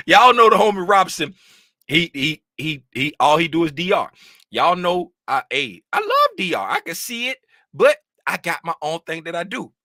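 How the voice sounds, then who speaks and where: Lively, bright-voiced male livestream host. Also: on the high side, moderate pace, dry recording, clean studio sound. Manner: rambling, animated, gets loud when fired up. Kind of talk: casual livestream chat. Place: home desk with monitors.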